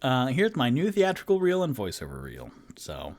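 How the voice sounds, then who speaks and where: A man's voice: mid-range voice, wildly swooping pitch, moderate pace, a little mellow. Man, stream host, casual, chatty, reads chat aloud, laughs easily. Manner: chatty, laughing, stalling while reading chat. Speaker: host and dungeon master.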